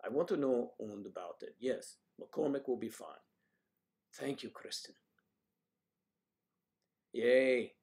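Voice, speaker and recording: A man hosting a casual livestream at a middling pitch. He rambles and jokes as he thinks out loud and answers viewer comments in an easygoing, conversational way. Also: animated, normal speed, gravelly. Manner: musing aloud, reading viewer comments; rambling, joking. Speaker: livestream host.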